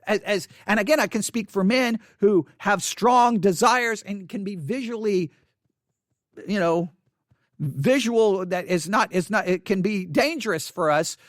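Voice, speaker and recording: A man's voice: sits high, measured pace, dry recording, studio quality. A man hosting a casual spoken commentary, emphatic, often restarting his words.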